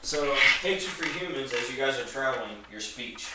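A man narrates as game master in a relaxed way, chuckling between lines. His voice sits mid-range, recorded in an echoey room with steady noise underneath. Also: mid-range voice, normal speed, distant mic.

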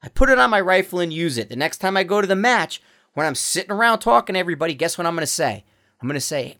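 A man's voice: high voice, very animated, quick pace, sharp tone. A man hosting his own podcast, talking bluntly in a heated, profane rant full of restarts, recorded while walking around a neighborhood. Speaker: podcast host. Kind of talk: casual ranting monologue.

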